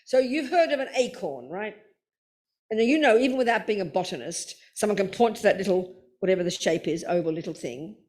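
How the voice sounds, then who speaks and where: A woman's voice: mid-range voice, expressive, fairly quick, a little mellow. An older woman, a Buddhist nun, giving a Dharma talk and answering questions in a blunt, playful way, calling people darling.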